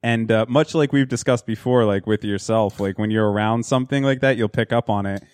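A man's voice: fairly low pitch, a little fast, darkish tone, clean tone, dry recording. Male podcast host, Philly-tinged accent, rambling and profane, dry close recording. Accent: picks up a Philadelphia accent. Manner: rambling, joking, swears freely. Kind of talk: casual podcast chat.

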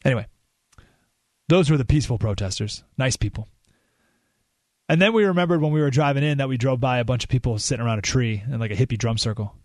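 A man hosting a talk radio show, delivering an animated political monologue and often repeating or restarting words. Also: medium pitch, fast talker, long pauses, no room sound, clean studio sound.

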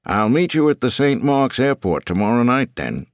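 A man voicing a weary, restrained man in an audiobook, talking in a flat, held-back way. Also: medium pitch, moderate pace, no echo, studio quality, voice pushed up, lightly acted. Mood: forced cheer.

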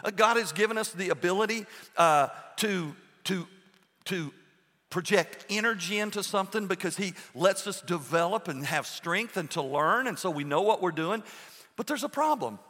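Bright high-pitched preaching man, echoey hall. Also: lively intonation. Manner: earnest preaching with pauses and restarts. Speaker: pastor. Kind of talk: sermon.

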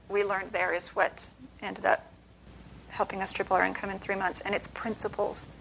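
A woman's voice: medium pitch, a bit bright, slight background noise, low-quality recording. A woman speaking as an author at a conference, giving a conversational motivational talk and posing questions to the audience.

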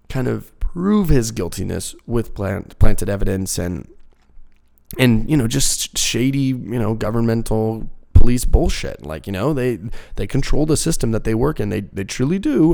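A man's voice: medium pitch, gravelly. A young man hosting a casual talk show, ranting profanely and acting out other people's voices as he goes. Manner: profane, animated, mimics voices mid-rant. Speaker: podcast host.

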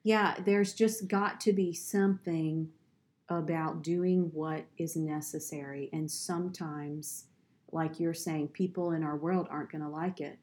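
Woman, deep voice, podcast host, encouraging, faith conversation. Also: fairly even intonation, measured pace, a little mellow. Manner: encouraging, affirming listener.

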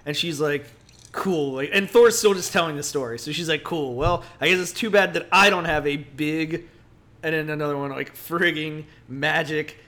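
A man's voice: on the high side, normal speed. A man co-hosting a casual podcast, retelling a comic book story with lots of "like" and acted-out quotes. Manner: animated storytelling, acts out quotes, heavy "like" filler. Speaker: podcast co-host.

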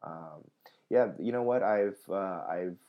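A man's voice: deep voice, slow pace, muffled recording. A man in his thirties, a comedian hosting a live podcast, chatting casually with viewers, rambling with lots of fillers and restarts. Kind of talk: casual live chat reading viewer comments.

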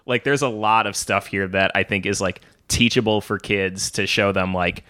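Low-voiced man, opinionated film chat. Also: steady tone, moderate pace, sharp tone, no echo, clean studio sound. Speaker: podcast co-host. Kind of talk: casual film discussion.

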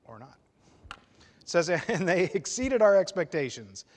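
A man preaching a sermon to his church, emphatic and animated, swelling loud at his peaks and dropping quiet after. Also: sits high, unhurried, long reverb tail. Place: church sanctuary.

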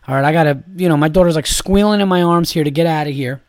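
A man's voice: fairly high pitch, fast talker, no echo, studio quality. A young adult man hosting a podcast, ranting in an exasperated, profane, repetitive way. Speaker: podcast host. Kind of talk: casual ranting monologue.

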